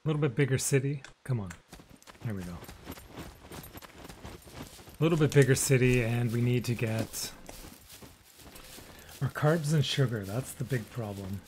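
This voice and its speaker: Man, casual game live stream, rambling chatter, mid-pitched, noisy background. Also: unhurried, pauses often. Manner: relaxed, chatty, trails off into mumbles.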